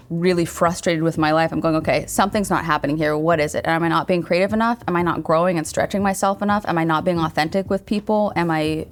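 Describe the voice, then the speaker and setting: A woman in her thirties, a writer being interviewed, speaking earnestly and thoughtfully with frequent restarts. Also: deep voice. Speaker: guest, writer and showrunner. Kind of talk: reflective interview conversation.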